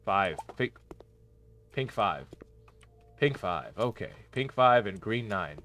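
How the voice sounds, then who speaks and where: A man hosting a gaming channel, giving casual commentary on a horror game, talking to himself and yelling when panicked. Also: lowish voice, slow. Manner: excitable, talks to himself and yells in panic.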